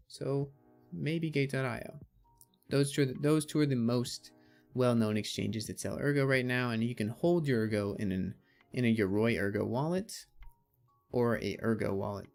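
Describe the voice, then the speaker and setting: A man's voice: medium pitch, moderate pace, darkish tone, faint music behind. A man hosting a casual crypto livestream, chatting and reading out viewer comments and answering them. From Canada.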